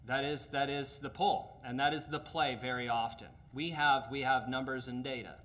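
A man preaching an earnest, emphatic sermon, often pausing with fillers. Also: medium pitch, steady tone, a bit bright.

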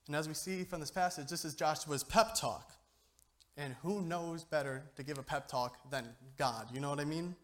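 Speaking at a moderate pace in a slightly high voice, a young man delivers a casual youth sermon to a congregation. He's a lay speaker who keeps things joking and chatty, regularly asking "okay?" to check in.

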